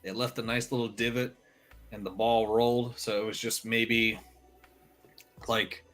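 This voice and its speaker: A man in casual chat, telling animated, profane stories with laughter. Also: mid-range voice, unhurried. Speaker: show regular.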